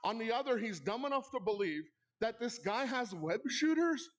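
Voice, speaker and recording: At an awards ceremony held in a club hall, the male host tells a funny story in a comedic monologue and throws playful remarks to the crowd. He sounds very high-voiced and animated, keeping a moderate pace.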